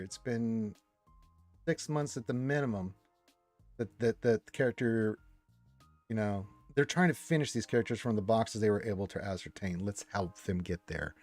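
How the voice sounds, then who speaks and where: A man hosting a casual gaming livestream, reading chat comments aloud and reacting with loud greetings and low grumbles. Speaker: livestream host.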